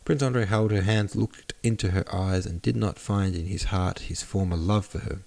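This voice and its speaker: Deep-voiced male audiobook narrator. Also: fairly even intonation, normal speed, vocal fry, a little mellow. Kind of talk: scripted narration of a classic novel.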